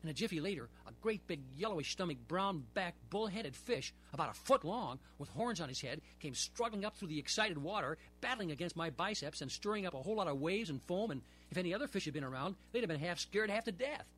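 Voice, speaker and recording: Male storyteller, children's book read-aloud, husky voice, very animated pitch. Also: quick pace, few pauses. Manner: lively, expressive storytelling.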